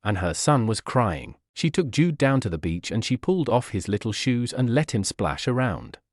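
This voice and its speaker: A male narrator reading fan fiction in a steady audiobook style. His pitch sits in the middle but moves in lively swings. The sound is dry and close to the mic. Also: moderate pace, no echo.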